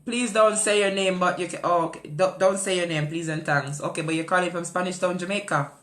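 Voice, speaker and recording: A woman's voice: fairly low pitch, steady tone, brisk, a bit bright. A woman hosting a call-in talk show, emphatic and repetitive, often laughing between her words. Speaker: radio call-in show host.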